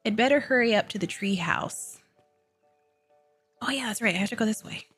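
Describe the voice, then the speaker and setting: A woman's voice: fairly high pitch, a little fast, fairly bright tone, slightly rough, faint music behind. Brief: chatty, giggly woman streamer, casual let's-play talk. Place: home streaming setup.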